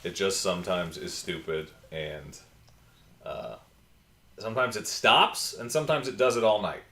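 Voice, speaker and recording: A man's voice: low voice, measured pace, pushed and bright, roomy sound. A man hosting a casual livestream, chatting and answering viewer comments from his home computer. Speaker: livestream host.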